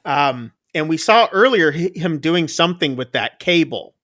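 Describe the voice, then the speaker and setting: A man's voice: fairly high pitch, lively intonation, moderate pace, a bit bright. A man co-hosting a casual movie review, retelling the plot loosely with many fillers. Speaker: podcast co-host.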